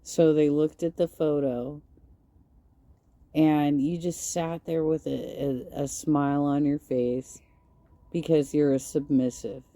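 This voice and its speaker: A woman comments calmly on clips in a low, very dark voice, taking her time over each point. The sound is dry and close, with no room around it. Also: no echo. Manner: calm, measured, lecturing. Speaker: commentary host.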